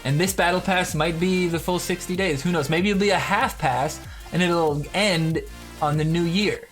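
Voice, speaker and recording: A man whose voice is going hoarse, hosting a mobile game update stream in a loose, profane, joking way. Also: on the high side, normal speed, a bit bright, soft background music. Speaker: mobile game YouTuber and host. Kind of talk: casual streaming commentary, reading viewer comments.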